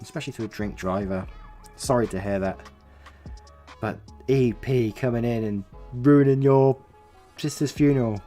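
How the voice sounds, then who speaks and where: A man reading online stories aloud, acting out the angry quotes with big jumps in pitch, and chuckling through his own casual comments in between. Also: a little mellow. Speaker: reddit story narrator. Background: faint background music.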